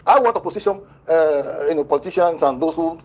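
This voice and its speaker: Politician guy, high husky voice, talks super fast and keeps cutting in. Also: expressive. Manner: rapid, insistent, talking over others. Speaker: political guest. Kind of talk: TV political debate.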